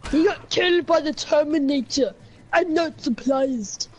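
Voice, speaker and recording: High-voiced excitable woman gamer. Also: a little slow, a little hiss or hum. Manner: excitable, shouting and laughing at the game. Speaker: gamer playing with friends. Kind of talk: casual gaming chat. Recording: gunfire from the game behind.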